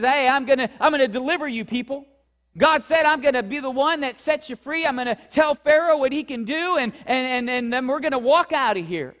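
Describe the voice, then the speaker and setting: A man preaching a sermon as pastor, swinging his voice high and loud then dropping low and slow for emphasis. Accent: Central Pennsylvania. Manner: preaching with dramatic swings in pitch and loudness, slowing for emphasis. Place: church sanctuary.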